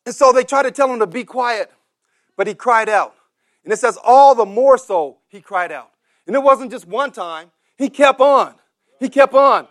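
A man preaching a sermon who acts out the voices of beggars and crowds, repeats words and builds up to shouted cries. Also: very high voice, normal speed.

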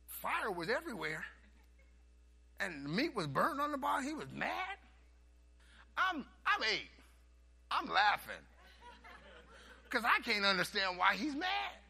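A man preaching a sermon, telling a story and swinging from hushed asides to loud, animated bursts. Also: extremely high pitch, unhurried, gravelly, long pauses, slightly rough.

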